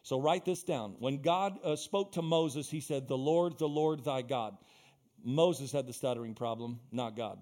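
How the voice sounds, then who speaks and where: A man's voice: medium pitch, a little slow, darkish tone. A male pastor preaching a sermon in a church, building into fervent, repetitive exhortation.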